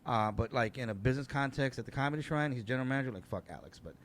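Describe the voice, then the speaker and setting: A middle-aged male comedian tells a story on a podcast in a casual, rambling way. He swears freely and keeps doubling back to fill in who is who. His voice sits at an ordinary middle pitch. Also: lively intonation, racing, fairly bright tone, a little hiss or hum. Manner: profane, rambling anecdotes. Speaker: guest comedian.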